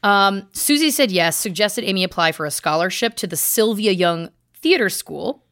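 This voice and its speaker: In clean studio sound with a dry recording, a woman podcaster tells a chatty, casual story about research, peppered with asides and restarts. Her voice sits in the mid-range and is expressive and a bit bright, moving at normal speed.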